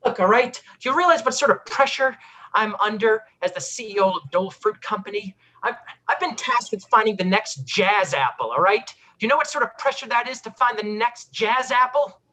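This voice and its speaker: An improv actress playing a pushy corporate brother who blusters and keeps repeating "all right?". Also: female voice, a little high, normal speed, bright, forceful tone, poor audio. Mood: stressed. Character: pushy corporate fruit-company CEO brother. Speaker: improv performer. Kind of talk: improv comedy scene.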